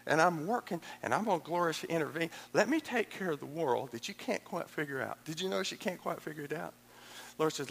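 A man preaching a sermon as pastor, animated and conversational, acting out quoted voices with chuckles. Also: on the high side, a little fast, gravelly, slight background noise. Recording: echoey hall with long reverb.

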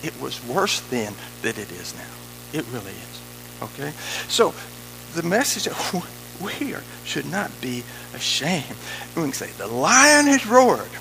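A man preaching a sermon in an animated, emphatic way, with conversational asides to his congregation. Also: medium pitch, a little slow, gravelly, background noise.

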